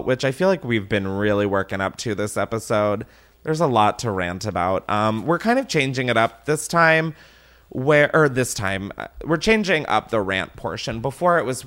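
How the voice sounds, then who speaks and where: A man's voice: mid-range voice, a bit bright. A man hosting a podcast, ranting casually and exasperatedly with lots of swearing. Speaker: podcast host.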